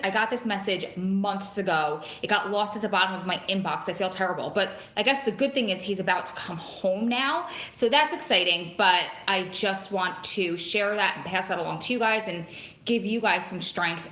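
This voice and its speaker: A woman's voice: mid-range voice, normal speed, fairly bright tone, echoey room. A woman hosting a casual live stream from her phone, chatting and greeting viewers by name as she rambles along. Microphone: phone camera.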